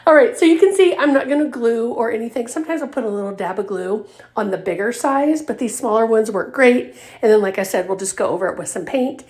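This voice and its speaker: A woman's voice: fairly high pitch, lively intonation, a little fast, a little mellow. A woman hosting a craft tutorial, chatty and upbeat, talking viewers through each step with fillers and little laughs. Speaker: craft video host. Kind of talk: casual craft tutorial narration.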